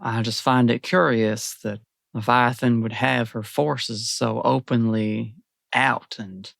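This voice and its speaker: A man voicing a chatty otherworldly patron spirit that muses in a measured, dry way. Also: medium pitch, vocal fry, dry recording.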